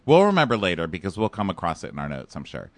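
A man's voice: low-pitched, wildly swooping pitch, fast talker. A man co-hosting a podcast, chatting casually and jokingly about a reality show and acting out quotes. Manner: joking, acts out quotes in put-on voices. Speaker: podcast co-host. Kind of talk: casual show recap chat.

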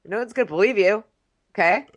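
A woman's voice: medium pitch, a little fast. Sarcastic, profane woman riffing. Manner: profane, sarcastic, fills talk with "like". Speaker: podcast co-host. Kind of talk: casual comedic recap.

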